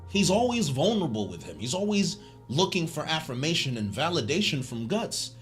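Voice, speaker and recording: A man hosting a casual video essay, animated and joking in slangy speech. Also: on the high side, brisk, soft background music.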